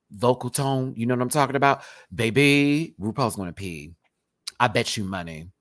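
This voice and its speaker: A young man giving live-stream commentary on a reality show, gushing and bursting into excited squeals. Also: medium pitch, moderate pace, no echo. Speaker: reality TV reviewer.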